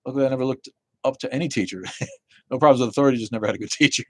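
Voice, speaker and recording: A man's voice: medium pitch, very fast, pauses often, a little mellow, no room sound. A man from Connecticut hosting a live stream, ranting and chatting with viewers in a profane, heated way. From Connecticut, USA. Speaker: livestream host. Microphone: phone.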